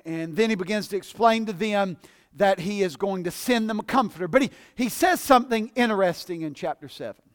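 High-voiced preacher man. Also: a little fast. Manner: swings from shouted fervor to low, conversational teaching. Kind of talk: sermon. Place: church service.

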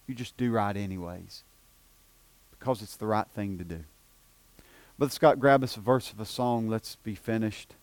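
A man preaching a sermon as pastor in a church, with an East Tennessee accent, swinging from hushed, low lines to loud, emphatic declarations. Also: moderate pace, no echo. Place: church sanctuary.

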